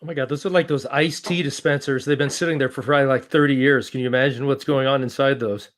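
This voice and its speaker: A man's voice: mid-range voice, fairly even intonation, quick pace. A man hosting a live show, cracking jokes with his guests. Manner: joking and wisecracking. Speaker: host.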